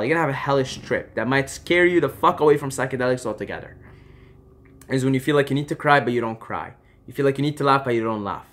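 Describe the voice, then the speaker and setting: A man giving impassioned advice to camera, emphatic and swearing freely, swinging between loud urging and quiet reassurance. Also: medium pitch, expressive, a little fast. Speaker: vlogger.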